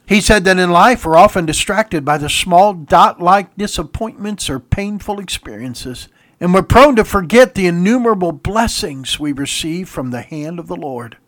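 A man's voice: high voice, expressive, moderate pace, fairly bright tone, no echo. A man preaching a sermon, exhorting his listeners emphatically and laughing briefly at his own stories.

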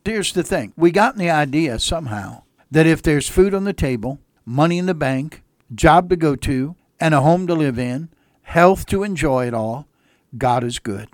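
A man's voice: fairly high pitch, lively intonation, normal speed, no room sound, clean studio sound. A man preaching as a pastor on a radio sermon, folksy and earnest, repeating phrases for emphasis.

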